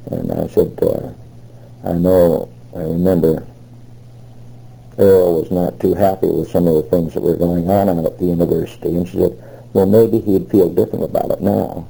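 A man's voice: low-pitched, steady tone, moderate pace, gravelly, dark tone, poor audio. An older man telling his memories in an oral history interview, rambling and retelling old conversations with many fillers. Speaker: interviewee recalling past work.

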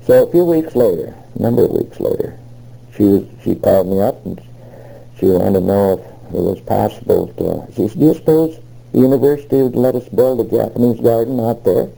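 A man's voice: lowish voice, animated, fairly quick, vocal fry, mellow, poor audio. An older man telling his memories in an oral history interview, rambling and retelling old conversations with many fillers. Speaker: interviewee recalling past work.

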